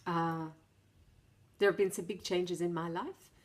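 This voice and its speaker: A middle-aged woman tells a story to camera in a relaxed, chatty way. Her voice sits a little low, and she laughs at herself and restarts her phrases as she goes. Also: unhurried. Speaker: vlogger.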